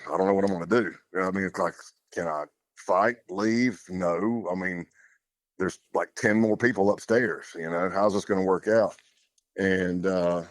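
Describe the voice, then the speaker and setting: A man with a deep voice, recorded without any echo, speaks as a podcast guest. He tells his story plainly and loosely, dropping in casual fillers as he goes.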